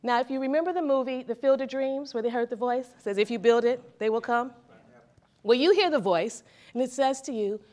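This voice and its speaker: A woman with a slightly higher voice gives a motivational talk to a morning seminar audience. She speaks conversationally and keeps checking in with the crowd by asking them questions. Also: brisk. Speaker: therapist and speaker.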